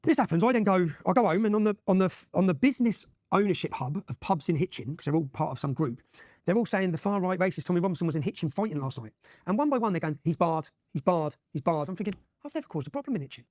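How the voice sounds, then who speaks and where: A man's voice: sits high, animated, fast, darkish tone, no room sound, clean studio sound. A man from Luton, telling his own story as an interview guest, emphatic and often checking in with "yeah?". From Luton, England. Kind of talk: animated personal storytelling.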